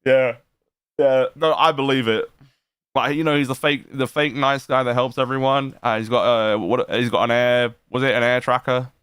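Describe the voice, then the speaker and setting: A man's voice: mid-range voice, steady tone, moderate pace, a bit bright, clean tone, no room sound. A man giving profane, mocking reaction commentary to a stream, laughing often and padding his talk with fillers.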